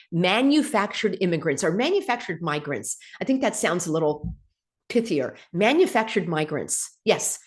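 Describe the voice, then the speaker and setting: Woman host, lively swooping pitch, emphatic sarcastic rant, rhetorical questions. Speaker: show host. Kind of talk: direct-to-camera rant.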